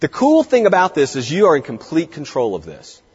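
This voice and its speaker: A middle-aged man lectures a room of veterinary students, pushing his delivery high and low to make points land. His voice sits a bit high and slightly husky. The recording is muffled, with a long reverb from the lecture hall. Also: fairly quick. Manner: animated, dramatic swings in tone and pace. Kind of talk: lively live lecture to students.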